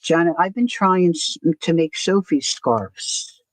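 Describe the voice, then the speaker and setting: A woman's voice: on the low side, animated, takes it slowly, no echo. A woman hosting a casual art journaling livestream, chatting to herself and greeting viewers by name as she works. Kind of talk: casual chat while crafting on a livestream.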